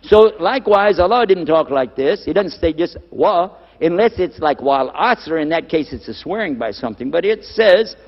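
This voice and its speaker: High-voiced male preacher in an echoing hall. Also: animated, brisk. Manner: emphatic, repeats key words, asks the audience questions. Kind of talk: lecture on scripture to a live audience. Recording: dull lo-fi recording with long hall reverb.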